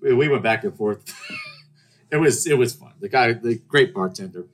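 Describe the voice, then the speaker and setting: A young man rambles through his stories in a casual, joking way. He starts over mid-sentence and now and then launches into mock-outraged rants. His voice sits at an ordinary middle pitch. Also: animated, normal speed, a little hiss or hum. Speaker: podcast host. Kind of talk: casual storytelling monologue.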